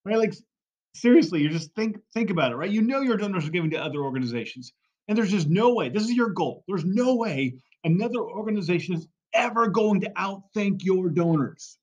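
A man's voice: sits high, expressive, a little fast, highs cut off. A man giving a fundraising coaching talk, emphatic and repetitive, often checking in with "right?" and "okay?". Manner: emphatic, repeats key phrases, frequent "right?" and "okay?". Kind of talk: podcast monologue.

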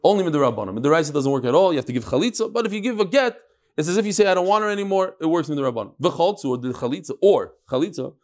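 A man teaching a Talmud class in a study hall, explaining in English and mixing in Hebrew and Aramaic terms. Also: rapid-fire. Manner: animated, with sudden swings up and down in pitch.

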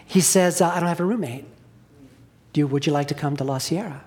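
A man, a preacher giving an earnest testimony in a sermon, often dropping to hushed tones. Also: a little high, fast talker.

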